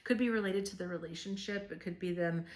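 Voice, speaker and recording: A woman's voice: on the low side, brisk, darkish tone. A woman giving a chatty, meandering tarot reading to her viewers, earnest and reassuring, with frequent "um" and "like". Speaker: tarot reader. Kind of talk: casual tarot reading to camera.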